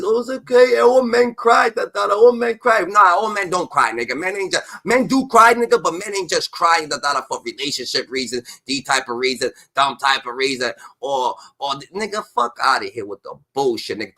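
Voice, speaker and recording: A man's voice: on the high side, bright, forceful tone. A man delivering a heated, profane rant as commentary, repeating a filler tag between phrases.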